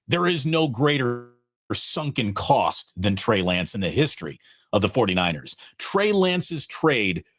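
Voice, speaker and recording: Emphatic sports co-host with lively pitch. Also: male voice, dry recording, studio quality. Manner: emphatic, argumentative, drawn-out points. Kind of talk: casual sports debate.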